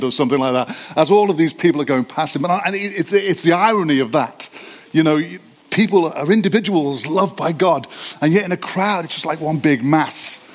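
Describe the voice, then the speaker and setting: A man gives a church sermon, talking to his congregation like a friend and poking fun at himself. His voice sits a little high, and he often stops and restarts his sentences as he thinks aloud. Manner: conversational, self-deprecating, halting with many restarts. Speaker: pastor. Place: church hall.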